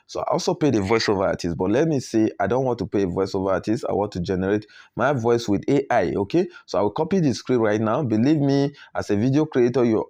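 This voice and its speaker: A man with a Nigerian English accent walking learners through a software tutorial, often checking in with a rising "okay?". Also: lowish voice. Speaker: video editing tutor. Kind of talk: screen tutorial walkthrough.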